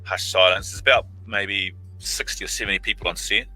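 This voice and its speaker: A man's voice: low-pitched, steady tone, brisk, sharp tone, faint music behind, rough recording. A middle-aged man, an actor guest, telling casual stories over a video call, acting out quoted lines in big voices. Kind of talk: casual anecdotal storytelling.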